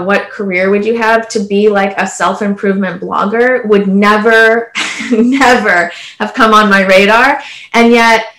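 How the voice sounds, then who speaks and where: On a casual panel, a thirty-something Canadian woman speaks in a fairly bright mid-range voice, earnestly relating her experience with frequent "like" and "you know" fillers. The recording has a roomy sound.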